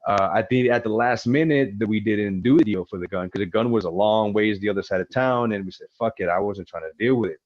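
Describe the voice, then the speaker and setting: Male interview guest, animated swearing storyteller; dry, slightly muffled recording. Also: lowish voice, fairly quick, hardly any pauses, no echo. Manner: profane, animated retelling with acted-out quotes. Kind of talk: casual storytelling.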